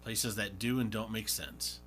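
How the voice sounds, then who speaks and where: Easygoing male sports talk host with a bright tone, casual studio banter. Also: on the low side, fairly even intonation, a little slow, faint music behind. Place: radio studio.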